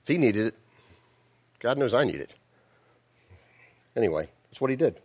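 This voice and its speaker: A man's voice: mid-range voice, very animated, normal speed, long pauses, slightly rough. A male pastor giving a sermon, telling the story in a folksy, joking way with many restarts.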